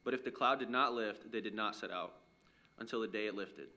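A man reading a Bible passage aloud to a congregation in a steady, measured way. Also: on the low side. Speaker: scripture reader.

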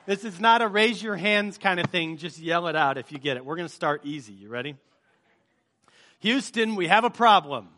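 Bright-voiced joking man preaching. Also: a little high, fairly quick, hardly any pauses. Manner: chatty, joking, energetic with the crowd. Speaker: pastor. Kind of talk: sermon opening with a movie-quote game. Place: church service before a live congregation.

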